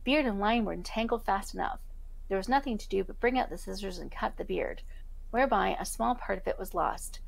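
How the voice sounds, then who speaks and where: A woman podcast host reading a fairytale aloud in a steady storybook manner. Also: mid-range voice, brisk, gravelly, low-quality recording. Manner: steady storybook narration with self-corrections.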